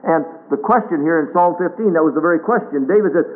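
A man's voice: on the high side, lively intonation, quick pace, few pauses. A man preaching a sermon as a pastor, earnest and quoting scripture in old-style English. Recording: tinny phone-like radio broadcast.

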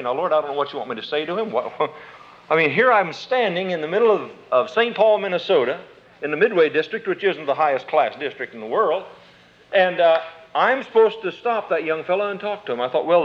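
A man with a slightly raised voice delivers a sermon as a folksy personal story. He talks conversationally and acts out the back-and-forth dialogue himself. The recording is muffled and lo-fi. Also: fairly high pitch. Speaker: preacher. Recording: dull lo-fi recording.

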